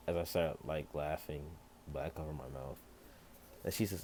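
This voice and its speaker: A man with a very low voice tells a homemade fan story off the cuff, stumbling and restarting as he goes. A faint hiss sits behind him throughout. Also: moderate pace, darkish tone. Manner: rambling, full of fillers and restarts. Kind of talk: improvised fan story narration.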